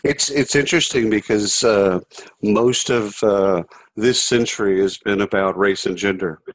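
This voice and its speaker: A man's voice: lowish voice, unhurried, dry recording, poor audio. A man in his forties hosting an interview, asking thoughtful questions with frequent hesitations and fillers. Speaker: interview host.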